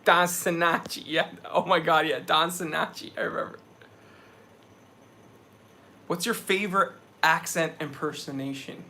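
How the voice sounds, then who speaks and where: A man's voice: fairly high pitch, steady tone, a little slow, long pauses, bright, forceful tone. A young man from New England hosting a live stream, chatting loosely and answering viewers. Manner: chatty, loose, reads viewer comments aloud. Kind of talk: casual live stream chat.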